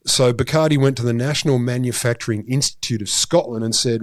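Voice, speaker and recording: An Australian man co-hosting a science podcast, telling stories in an animated, sardonic way with swearing. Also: mid-range voice, a little fast, few pauses, dry recording, studio quality. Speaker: podcast co-host. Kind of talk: casual comedic science chat.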